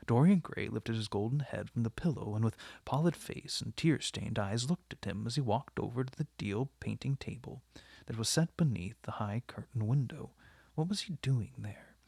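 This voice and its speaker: A man narrating a classic novel as an audiobook in a measured, dramatic manner. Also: mid-range voice, lively intonation, creaky, darkish tone, breathy edge, dry recording, studio quality. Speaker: audiobook reader.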